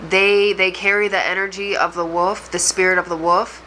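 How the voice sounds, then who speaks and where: A woman with a medium-pitched, bright, forceful voice speaks at a moderate pace with little pitch movement; the audio is poor, with slight background noise. Choked up, she gives a channeled tarot reading to camera, addressing viewers directly in an emotional, rambling way.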